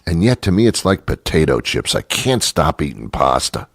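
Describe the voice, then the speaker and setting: A man's voice: rumbling low, very animated, normal speed, dry recording, studio quality. A middle-aged man hosting a talk show, delivering a sardonic comedic monologue and then interviewing a guest. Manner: sardonic, acts out both sides of imagined dialogues.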